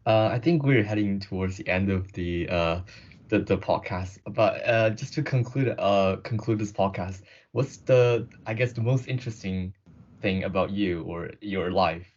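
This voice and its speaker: Very deep-voiced hesitant man. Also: normal speed, a little mellow. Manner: hesitant, full of uhs. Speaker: student interviewer. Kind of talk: podcast interview questions. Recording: dull lo-fi audio.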